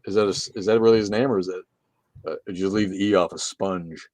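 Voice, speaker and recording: A man with a somewhat low voice runs a casual livestream from his room, reading viewer comments and firing back sarcastic, swearing jokes. The sound is dry and close, with no room echo. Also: fairly even intonation, fast talker, darkish tone. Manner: sarcastic, joking, swears freely. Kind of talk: casual profane livestream chat.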